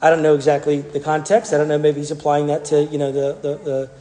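A male pastor giving a sermon in an animated way, often repeating words and restarting phrases. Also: on the high side, fast, slight background noise. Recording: long reverb from a large hall.

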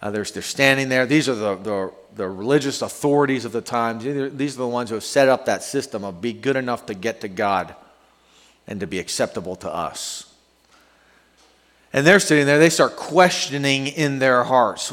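Animated male pastor in a reverberant hall. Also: mid-range voice, moderate pace. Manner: animated, conversational preaching with restarts. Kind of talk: sermon. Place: church sanctuary.

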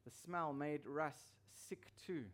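Preaching at a slow pace, a male pastor with a fairly high voice delivers his sermon. He leans hard on his points, repeating key phrases again and again for emphasis.

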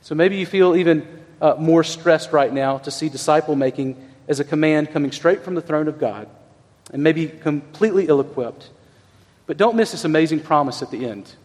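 A middle-aged man preaching a sermon as pastor, telling stories in an earnest, conversational way with emphatic pauses. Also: on the high side, darkish tone, long reverb tail.

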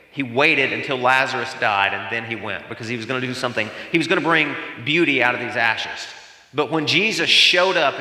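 Bright-voiced male pastor preaching in a hall. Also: medium pitch. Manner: expressive preaching with dramatic pauses and rhetorical questions. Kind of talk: sermon. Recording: reverberant hall.

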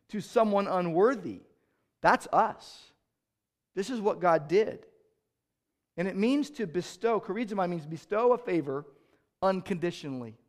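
A male pastor preaching a sermon, repeating key phrases and building to passionate peaks. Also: high-pitched.

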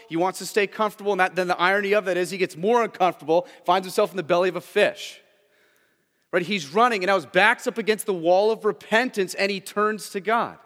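A male pastor delivering a sermon to his congregation, his slightly high voice ringing with a long reverb. He pushes hard and loud on key points, then drops into low, hushed intensity, punctuating with "right?". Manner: swings between loud urgent emphasis and hushed low intensity; frequent "right?" check-ins with the congregation.

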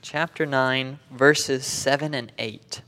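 A man teaching a Bible class lesson, animated, reading scripture aloud with dramatic emphasis and small laughs. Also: medium pitch, slow pace. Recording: long reverb of a hall.

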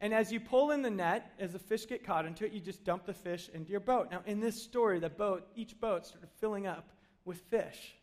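A man with a bright, high-pitched voice gives a relaxed sermon that feels like storytelling. He is middle-aged and animated, often slipping into playful acted asides as he talks. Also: fairly quick. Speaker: pastor.

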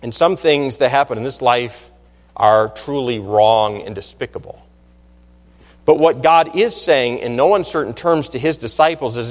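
A man preaching a sermon as pastor, emphatic, climbing to loud peaks and dropping low again. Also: a little slow, in a large hall.

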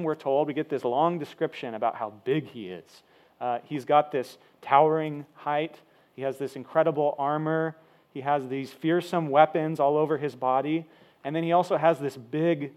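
A man's voice: a little high, a little mellow. A man preaching a sermon, explaining a scripture passage in an easygoing, conversational way with frequent fillers. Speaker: pastor.

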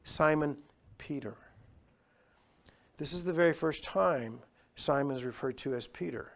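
Male pastor, sermon delivery, emphatic, swings from loud rises to hushed drops. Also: a little high, measured pace, creaky.

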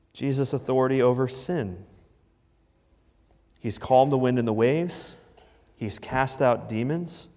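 A man's voice: mid-range voice, darkish tone, long reverb tail. A man preaching a sermon as pastor, emphatic and punchy, in a church.

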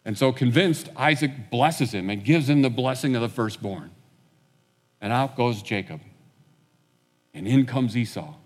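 A man preaching a sermon, retelling a story in a relaxed conversational way and acting out the characters' lines. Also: medium pitch, measured pace, long pauses, long reverb tail. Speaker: pastor.

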